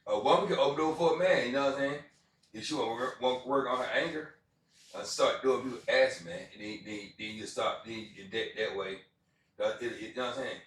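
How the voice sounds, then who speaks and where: A man's voice: mid-range voice, a little fast, a little hiss or hum. A man preaching informally about scripture, rambling with lots of repeats and fillers. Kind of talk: casual street sermon. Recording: very echoey, from far off.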